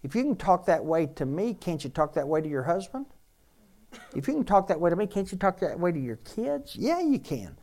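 A man's voice: high voice, big pitch swings, brisk, a little mellow. A man, a pastor, preaching a sermon in a conversational way and repeating key phrases for emphasis.

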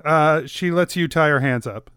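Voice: mid-range voice, moderate pace, fairly bright tone, clear, resonant tone, dry recording, studio quality. Hesitant, giggly tabletop game master. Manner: hesitant, many fillers, giggly. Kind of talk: improvised tabletop narration.

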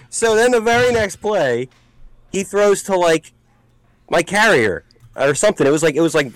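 Profane, animated man with a lively voice. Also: on the high side, no room sound, poor audio. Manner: profane, animated storytelling with shouted outbursts. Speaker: podcast co-host. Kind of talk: casual podcast chat.

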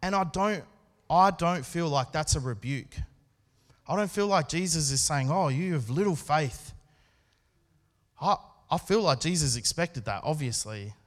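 A man preaching a sermon at a church service, speaking in an earnest, conversational way with pauses and restarts. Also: on the high side, animated. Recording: long hall reverb.

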